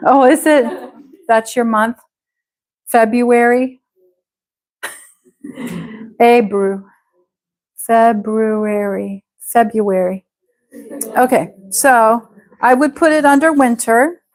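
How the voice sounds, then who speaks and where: Slow, patient woman teacher. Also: on the high side, poor audio. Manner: patient, slow, stretches out words to model pronunciation. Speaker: English teacher. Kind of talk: live online English class.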